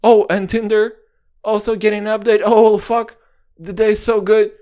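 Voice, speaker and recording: Young man, high voice, solo podcast host, rambling, profane, jokey. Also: little pitch movement, moderate pace, dark tone. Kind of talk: casual solo podcast rant.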